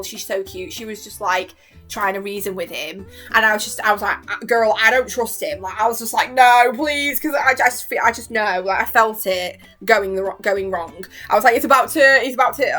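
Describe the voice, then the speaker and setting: A young woman, gushing in a casual, animated vlog chat about a cartoon season. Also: medium pitch. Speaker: vlogger reacting to a cartoon season. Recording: faint guitar music behind.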